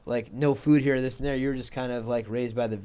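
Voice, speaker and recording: A man's voice: medium pitch, steady tone, fast talker, mellow, smooth. A man hosting a casual podcast interview, rambling with many fillers as he asks questions. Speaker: podcast host.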